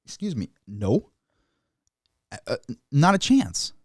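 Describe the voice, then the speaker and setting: A man giving casual stock market commentary, animated and mocking officials in high put-on voices. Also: slow pace, dry recording, clean studio sound. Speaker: finance commentator.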